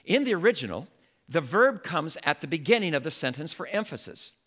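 A male pastor preaching a sermon in an animated way, building to emphatic exclamations. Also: a little high, fairly quick.

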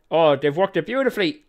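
A man hosting a gaming video, calling the match play by play in a chatty, self-mocking way and laughing often. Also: medium pitch. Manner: calls match action play by play. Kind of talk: casual let's-play commentary.

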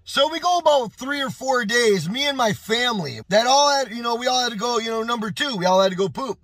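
Male vlogger with a high voice and a dry, close sound, telling a story in a casual, animated way. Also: fairly quick, no echo. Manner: animated, exclaiming, repeating phrases. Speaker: YouTube storyteller.

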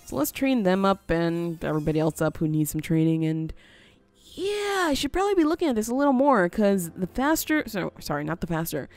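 Her mid-range voice is a little mellow as this woman, a gaming video host from the US by the Canadian border, plays a building game. It's casual let's-play commentary, full of thinking aloud and frequent small laughs.

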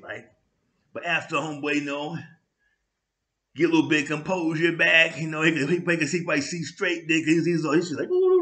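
A man with a New York accent tells a story on his own vlog in casual street slang. His voice sits high and sounds bright and forceful, dotted with loud bursts and sound effects. The room around him is echoey. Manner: animated street slang with frequent "you know what I'm saying". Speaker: vlog host.

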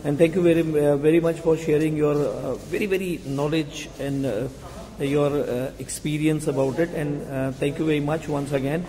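A man with an Indian English accent talks slowly and hesitantly, filling gaps with many fillers as he guides a casual vlog tour. His voice is mellow and dark. A long reverb hangs around him in a large hall. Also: a little high, steady tone. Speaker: hospitality vlogger.

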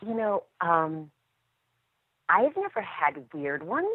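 Animated lady guest laughing a lot, phone-line sound, super dry. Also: lowish voice, slow, breathy edge, no echo. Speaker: actress guest. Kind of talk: interview storytelling.

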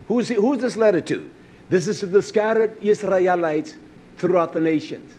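Male preacher, high-pitched, alternates forceful shouts and quiet asides. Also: expressive, a little fast, husky. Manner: swings from loud rising preaching to low quiet storytelling. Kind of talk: sermon.

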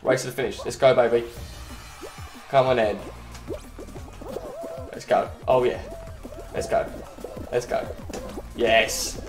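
A man giving casual commentary while he plays a video game, chatty and excitable. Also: medium pitch. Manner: excitable, chatty, quick cries and laughs. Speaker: gaming channel host. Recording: roomy echo, faint game music.

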